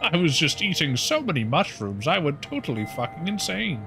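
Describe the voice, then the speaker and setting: A man's voice: on the high side, very animated, normal speed, sharp tone, soft background music, pitched above the performer's own voice, heavily acted. A man playing a frazzled, fussy village mayoress. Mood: flustered. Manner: jittery, fussy and prim.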